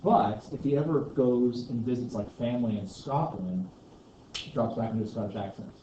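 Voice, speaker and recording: A man teaching a history class in a loose, rambling way, full of asides and fillers. He is picked up from across an echoey room, and the recording sounds dull and muffled with steady background noise. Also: medium pitch, moderate pace, recorded from a distance. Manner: chatty, rambling, heavy on "you know" and "like". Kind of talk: classroom lecture with discussion. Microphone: distant room mic.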